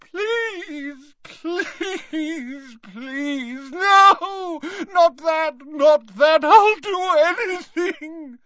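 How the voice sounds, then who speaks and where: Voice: very high-pitched, very slow, sharp tone, no room sound, lo-fi sound, voice pushed up, exaggerated voice. A reader voicing an old male wizard in agony, wailing, sobbing and begging in an audiobook. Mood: screaming. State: crying out in torment. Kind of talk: audiobook character voice.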